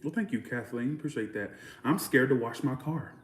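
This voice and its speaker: A man's voice: mid-range voice, a little fast. Rambling Southern American man, echoey room. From Georgia, US. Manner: rambling, chatty, blunt. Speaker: channel host. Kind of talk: casual livestream chat.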